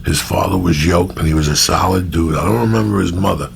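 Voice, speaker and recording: Deep gravelly Cuban-born man in his fifties. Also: brisk, a little hiss or hum. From Cuba. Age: 50s. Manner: profane, animated storyteller who mimics people. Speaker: podcast host. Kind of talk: casual storytelling chat.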